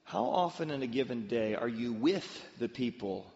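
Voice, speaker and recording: A man's voice: medium pitch, moderate pace, creaky, big-room sound, lo-fi sound. A man preaching a sermon, telling stories and sometimes acting out the voices of the people in them. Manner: storytelling with lively acted-out voices. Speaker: pastor.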